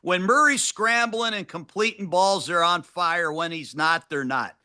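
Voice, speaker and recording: Male coach co-host, bright forceful delivery, clipped analysis. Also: high voice, measured pace, clean tone. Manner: emphatic, clipped, coach-like breakdowns. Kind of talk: football analysis on a talk show.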